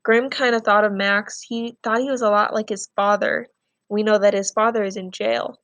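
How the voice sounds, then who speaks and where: A woman teacher giving a recorded reading lesson. She reads a novel aloud and gives patient, clear instructions between passages. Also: medium pitch, fairly even intonation, normal speed, a bit bright, no room sound.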